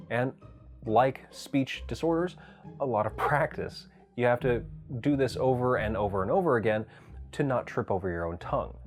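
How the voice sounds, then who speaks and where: An enthusiastic man talks through a voice acting tutorial, his pitch bouncing widely as he explains. He sits in the middle register for a man. Faint music plays underneath. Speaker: channel host teaching voice acting.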